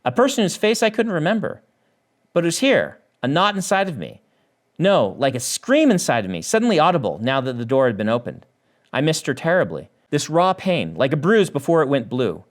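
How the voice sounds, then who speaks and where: Male author reading his own novel aloud, a little high, with a lively, animated delivery. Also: brisk. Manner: animated reading that lifts the voice for dialogue.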